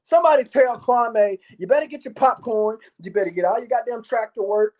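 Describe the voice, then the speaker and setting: A man's voice: very high-pitched, a little fast, a little mellow. Brash, swearing man hyping up his channel. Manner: boastful, repetitive, swears a lot. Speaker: YouTube commentator. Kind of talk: profane hyped-up monologue to viewers.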